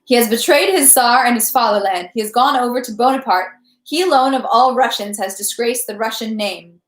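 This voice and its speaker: A wrathful nobleman, his voice ringing and shrill, as a woman reader puts him on. He declaims loud, slow denunciations and commands, pitched well above an ordinary speaking voice. The reading sounds roomy and echoey. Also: natural voice. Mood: denouncing. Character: shrill, wrathful male count commanding a crowd.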